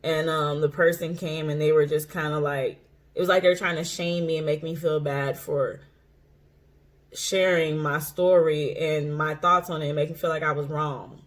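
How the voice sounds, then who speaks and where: An intuitive coach and tarot reader talks to camera in a casual, unscripted monologue. The voice is mid-range, steady, and at a moderate pace. The delivery is blunt and profane, with repeated phrases for emphasis and frequent laughter.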